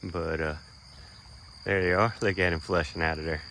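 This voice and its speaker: A middle-aged man with a drawl talks his way across a rural field, folksy and rambling, with plenty of fillers. His voice sits a little low but sounds bright and forward. A faint wash of crickets and outdoor ambience sits under his handheld camera audio. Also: fairly even intonation, moderate pace, slight background noise. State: a little out of breath while walking. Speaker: land manager filming his dove field. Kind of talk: casual walking vlog narration. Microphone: handheld camera while walking.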